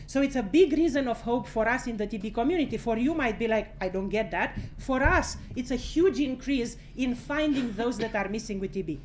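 A woman with a high voice speaks to a room of journalists, blunt and outspoken, and she swears without a second thought. She moves between outrage and laughter as she drives her points home. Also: lively intonation, fairly quick, hardly any pauses, a little mellow, slight background noise. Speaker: speaker at a press conference. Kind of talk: impassioned press conference address.

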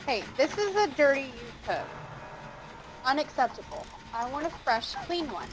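A woman with a somewhat high voice banters sarcastically with her team during a game. A clear background noise sits under her. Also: sing-song, normal speed. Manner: sarcastic, joking complaints. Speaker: gamer. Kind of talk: casual multiplayer game chat.

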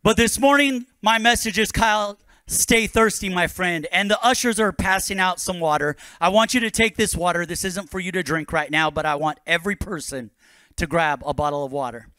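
A man's voice: high voice, normal speed, sharp tone, dry recording. A man, a pastor, preaching a sermon to his congregation with rising bursts of energy.

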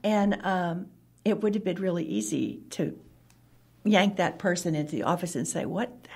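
Husky-voiced woman telling animated stories. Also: fairly low pitch, moderate pace. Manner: animated, acts out quoted dialogue. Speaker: author and guest. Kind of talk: conversational interview storytelling.

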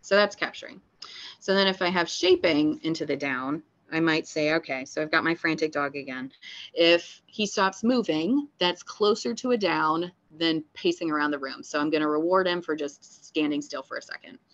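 A woman who is a dog trainer and veterinary behavior technician, giving a lively, playful training lecture. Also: low voice, normal speed, lo-fi sound. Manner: upbeat and playful, acts out dog reactions.

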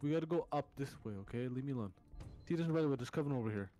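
A man playing a shooter game with a friend, teasing him and breaking into excited yelling during fights. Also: mid-range voice, racing, soft background music. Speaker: co-op gaming partner. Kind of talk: casual co-op gaming chat.

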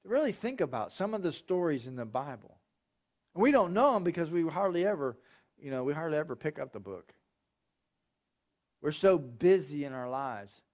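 Pastor, high voice, lively story-driven sermon. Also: male voice, moderate pace, pauses often. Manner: animated storytelling with acted voices. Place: church.

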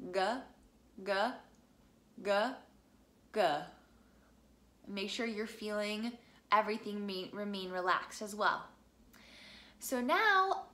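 A woman's voice: mid-range voice, bright, forceful tone. A young woman from the Midwest teaching a singing lesson, chatty and encouraging as she walks through vocal exercises. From American Midwest.

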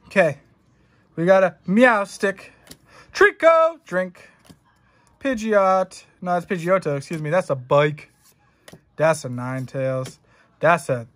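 A young streamer opening trading cards talks to chat slowly, with long pauses, in a high, animated, slightly bright voice. His delivery is rambling, jokey, and full of swearing.

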